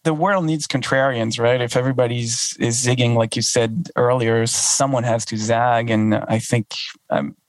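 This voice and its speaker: A man hosting an interview, friendly and halting, with many fillers. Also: medium pitch, fairly even intonation, no echo, low-quality recording. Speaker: interview host, freelancer. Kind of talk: conversational interview.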